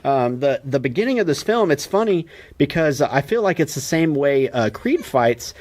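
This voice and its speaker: A man co-hosting a casual podcast about a film, lively and quick to act out lines from scenes. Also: on the high side. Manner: animated, acts out film dialogue in quoted voices. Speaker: podcast co-host. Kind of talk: casual movie discussion.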